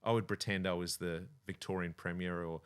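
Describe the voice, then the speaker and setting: A relaxed Australian man, a comedian and impressionist, chatting casually as a podcast guest and laughing easily. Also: sits low, fairly quick, clean tone.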